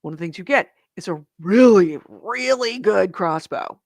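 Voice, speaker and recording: A woman co-hosting a casual gaming podcast over a call, animated and swearing freely as she tells stories. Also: mid-range voice, moderate pace, dry recording, clean studio sound. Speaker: podcast co-host. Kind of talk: casual chat. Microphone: remote call mic with echo cancellation.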